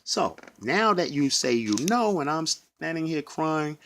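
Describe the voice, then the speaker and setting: A man's voice: a little high, big pitch swings, measured pace, a bit bright, a little hiss or hum. A man who works as a bus driver tells his own story of trouble at work, emotional and acting out what others said. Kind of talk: personal testimony to camera.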